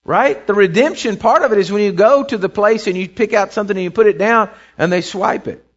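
A pastor delivers his sermon in a high, light voice, swelling loud through runs of repeated phrases and sinking quiet between them. The recording sounds muffled and lo-fi, like a church tape. He is a man preaching to his congregation. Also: a little fast. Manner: preaching with rising and falling intensity, repeating phrases.

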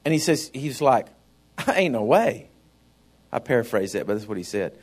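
A man's voice: mid-range voice, expressive, fast, darkish tone. A man preaching a sermon in a folksy, conversational way, often turning to the congregation with asides.

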